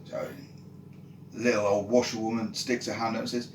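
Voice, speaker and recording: A man telling a folk tale in a relaxed, casual way, with many "so he goes" links. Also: on the low side, normal speed. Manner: relaxed, repetitive "so he goes" narration. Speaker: storyteller and channel host. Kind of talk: casual spoken storytelling. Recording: roomy echo, faint ambient noise.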